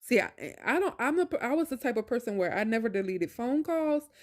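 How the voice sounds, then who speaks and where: A woman's voice: on the high side, animated, brisk. A young woman vlogger telling a personal story in a casual, emphatic, colloquial way, with exasperated asides.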